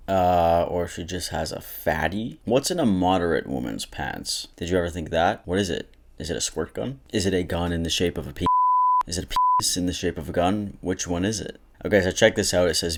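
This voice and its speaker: A man's voice: sits low, lively intonation, normal speed, gravelly. A young man casually reacting to online comments and memes with sarcastic, joking asides.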